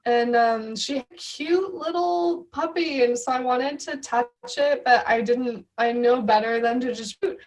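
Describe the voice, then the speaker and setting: A woman's voice: fairly high pitch, measured pace, hardly any pauses, low-quality recording. A young woman from the United States, a tour guide, telling chatty stories full of "like" and "um". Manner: chatty storyteller, many fillers like 'like' and 'um'. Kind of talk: casual chat.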